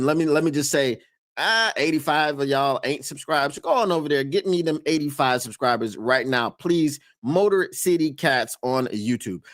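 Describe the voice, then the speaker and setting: A man hosting a podcast live stream in casual chat, emphatic and quick to laugh, repeating his points for effect. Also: fairly high pitch, a bit bright.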